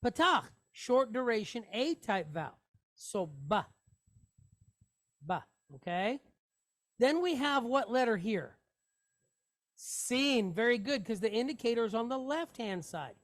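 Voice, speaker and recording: A woman's voice: on the high side, expressive, measured pace, long pauses. A woman teaching a Hebrew reading lesson, patiently sounding out each syllable and repeating words aloud.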